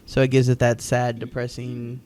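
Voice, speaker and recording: A man's voice: mid-range voice, monotone, normal speed, darkish tone, a little hiss or hum. A man co-hosting a podcast, recapping wrestling matches in casual, rambling chat with frequent ums and restarts. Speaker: podcast co-host.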